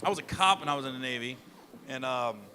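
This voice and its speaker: A man's voice: mid-range voice, fast talker, bright, forceful tone, slight background noise. A man doing stand-up, telling a long story in a loose, profane way and acting out the voices of the people in it. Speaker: stand-up comedian. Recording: live stage, large hall with crowd laughter. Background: audience laughing.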